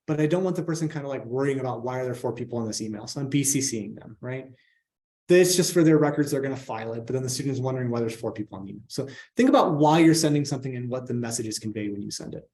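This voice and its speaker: A man's voice: mid-range voice, warm tone. A man presenting a workshop on professional communication in a casual, conversational way, often checking in with "right?".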